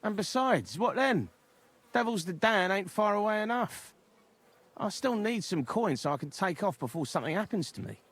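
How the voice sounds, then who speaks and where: Goatskin, a jittery, cockney-sounding informant. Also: male voice, high-pitched, sing-song, normal speed, fairly bright tone, full character voice. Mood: grumbling. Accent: English, cockney-like. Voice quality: stammering, jittery. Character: nervous, stammering male informant in hiding. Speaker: game character. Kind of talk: video game voice acting.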